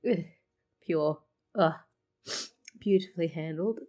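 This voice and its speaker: A woman hosting a reaction video, exclaiming, swearing and laughing through quick asides. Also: low voice, highs cut off. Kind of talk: casual reaction commentary.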